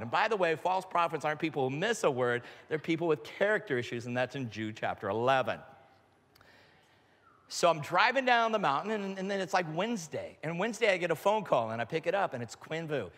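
Animated, lively-pitched male pastor preaching. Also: brisk. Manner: animated, acts out quotes with big pitch jumps, shouts. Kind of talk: animated sermon with storytelling. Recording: long hall reverb.

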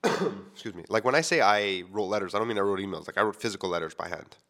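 A man's voice: on the low side, fast talker, bright, forceful tone. A man in his thirties from Quebec, a podcast host telling a personal story in a casual, rambling way full of fillers.

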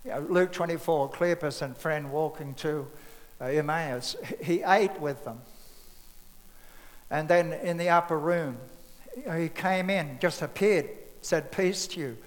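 A man's voice: fairly high pitch, measured pace, long reverb tail, low-quality recording. A man preaching a sermon in a loose, conversational way, acting out bits of scripture dialogue.

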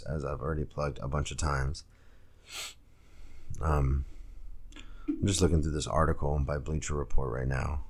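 A young man hosts a solo podcast from a room at home, rambling through stories and sports talk in a loose, filler-heavy way. His voice sits very low. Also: a little mellow. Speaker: podcast host and stand-up comic. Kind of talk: casual solo podcast rant. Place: home room, girlfriend nearby.

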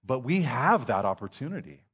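A man's voice: mid-range voice, big pitch swings, moderate pace, a bit bright, husky. A man preaching a sermon in a casual, conversational way, often restarting his sentences. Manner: conversational preaching with frequent restarts and acted asides. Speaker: pastor.

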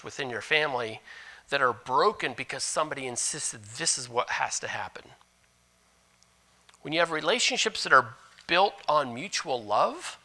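A man preaching a sermon as pastor, animated, moving between loud emphasis and hushed asides. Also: fairly high pitch.

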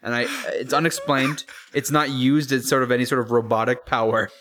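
A man's voice: medium pitch, fairly even intonation, brisk, fairly bright tone. A man co-hosting a casual podcast, hesitant and searching for words, with frequent chuckles. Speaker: podcast co-host.

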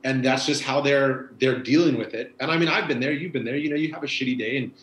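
A man's voice: medium pitch, fast, a bit bright, roomy sound, slight background noise, poor audio. A man, a former bike messenger, chatting casually and rambling with lots of fillers. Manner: rambling, laid-back, many fillers like "you know". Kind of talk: casual conversation.

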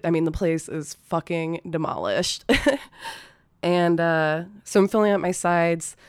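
Low, smooth-voiced woman telling a story. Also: no echo. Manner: loose and profane, many fillers, nervous laughs. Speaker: storyteller, former restaurant server. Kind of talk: casual spoken anecdote.

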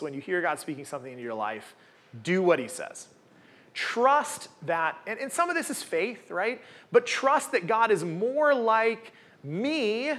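A man's voice: on the high side, fairly bright tone. A man in his forties giving a casual, conversational sermon at a church gathering, full of rhetorical questions and tag "right?"s. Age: 40s. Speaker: guest preacher.

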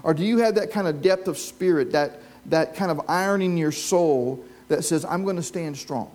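A man preaches at normal speed in a voice on the high side and a little mellow. Addressing a live church congregation, he tells stories and asks them questions.

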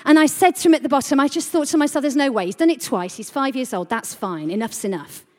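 A woman with a high, bright voice delivers an animated sermon, telling a family story and tossing questions out to the congregation. Her voice rings through a large hall with a long reverb. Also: fast talker. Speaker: preacher. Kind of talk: lively sermon talk to a congregation. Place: church hall.

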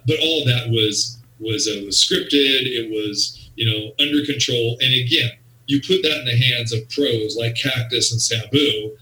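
A man's voice: mid-range voice, pushed and bright, recorded from a distance. A man being interviewed, telling stories in a rambling way full of "you know" and "again". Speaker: guest. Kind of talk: casual storytelling. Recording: echoey room, off-mic.

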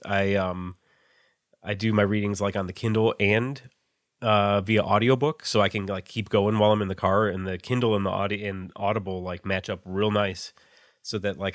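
A man's voice: fairly low pitch, a bit bright, no echo, clean studio sound. A man co-hosting a writing podcast, chatting casually with lots of "like" fillers. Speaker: podcast co-host.

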